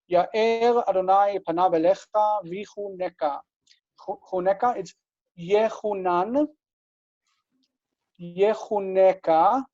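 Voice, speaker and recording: A man teaching Biblical Hebrew in an online class, explaining slowly and patiently and often checking that students follow. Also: high-pitched, darkish tone, no room sound, dull audio. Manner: slow, patient explaining with frequent checks for understanding.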